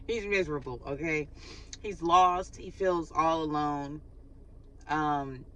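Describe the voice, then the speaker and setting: Recorded without her microphone, a woman with a lowish, pushed, bright voice hosts a faith channel. She gives a casual spiritual reading in a chatty way, laughing often and acting out quoted sighs.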